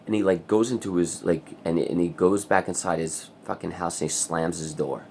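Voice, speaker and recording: A man's voice: low-pitched, fairly even intonation, normal speed, gravelly, a little mellow, slight background noise. A man angrily ranting in a personal vlog, swearing a lot. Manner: angry, profane ranting. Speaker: vlogger. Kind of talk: vlog rant.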